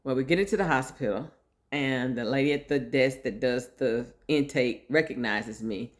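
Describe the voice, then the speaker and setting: Lively woman telling her story. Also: very deep voice, normal speed. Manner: lively storyteller, acts out quoted voices, laughs often. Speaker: vlogger sharing her story. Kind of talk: casual storytelling.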